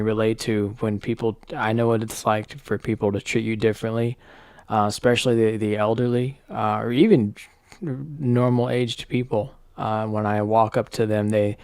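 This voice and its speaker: A man reacts to a video in a reflective, hesitant way, pausing on fillers as he thinks. His voice is low, and the sound is dry and close. He speaks plainly and sincerely. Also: clear, resonant tone, no echo. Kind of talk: reaction commentary.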